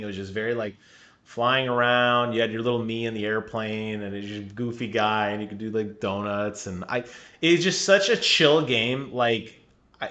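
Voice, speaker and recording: A man co-hosts a video game podcast from a remote call, chatting casually. His voice sounds bright and forward. He gets animated, laughs easily and keeps firing questions at his partner. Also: medium pitch. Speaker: podcast co-host. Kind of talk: casual chat. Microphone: remote call mic.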